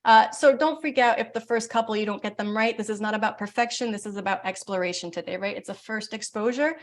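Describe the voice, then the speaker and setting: A woman breathwork coach leading a live online workshop over a video call, talking fast when she explains and slowing to a soothing pace when she guides the breathing. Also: medium pitch. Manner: talks fast, then slow and soothing when guiding breaths.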